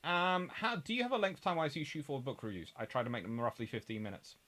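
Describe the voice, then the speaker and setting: A man's voice: medium pitch, fast, sharp tone. A middle-aged man hosts a live-stream chat. He talks in a loose, rambling way. He stops often to read out viewer comments and answer them. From England. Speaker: host.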